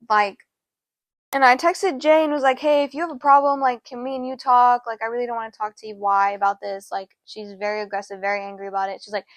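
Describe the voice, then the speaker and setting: A young woman co-hosting a podcast, telling a long personal story in a rambling, casual way. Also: no echo. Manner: rambling, fillers like "da, da, da" and "low-key". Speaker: podcast co-host.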